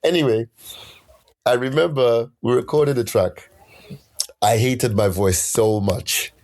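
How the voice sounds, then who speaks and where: A man, a musician and poet, telling stories in a casual interview, animated and acting out quotes in other voices. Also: mid-range voice, slow. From United Kingdom. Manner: animated, laughing, acts out quotes in shifting voices.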